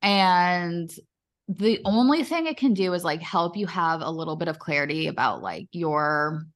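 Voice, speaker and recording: Woman podcast co-host, young adult, a bit low-pitched, animated storyteller. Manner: animated storyteller, quick, acts out quotes with laughs. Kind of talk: casual chat.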